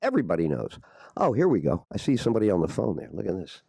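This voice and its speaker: A man's voice: fairly low pitch, huge pitch swings, fast, creaky, mellow, slightly rough, dry recording, clean studio sound. A man hosting a radio talk show, sparring with a caller in a sarcastic, combative and profane way. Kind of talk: on-air exchange with a prank caller.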